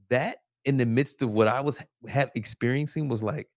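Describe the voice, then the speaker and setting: A man's voice: medium pitch, fast, hardly any pauses, no room sound, studio quality. A man co-hosting a faith podcast, chiming in with enthusiastic affirmations and telling a personal story. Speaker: podcast co-host. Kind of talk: casual faith podcast chat.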